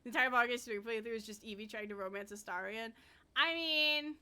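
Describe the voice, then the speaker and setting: A woman's voice: on the high side, brisk, bright, forceful tone, clear, resonant tone. A young woman streaming a game, chatting casually with viewers, swearing and laughing often. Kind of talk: casual gaming stream chat.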